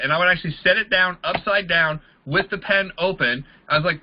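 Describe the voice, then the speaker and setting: A casual man coaching network marketing recruiters, voicing both sides of the conversations he walks through. His voice sits high for a man. The recording sounds a bit dull and lo-fi. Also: normal speed, hardly any pauses. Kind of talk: training talk to a group.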